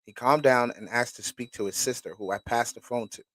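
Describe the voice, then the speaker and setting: A man's voice: medium pitch, fairly quick, fairly bright tone, no echo. A man hosting a show, reading documents aloud and stopping to react with casual, profane commentary. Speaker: host.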